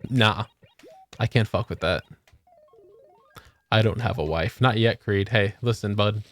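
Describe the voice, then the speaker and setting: His voice is on the low side but fairly bright in tone, and he doesn't rush. The man is streaming a video game, swearing a lot and joking casually with viewers. Soft music plays underneath.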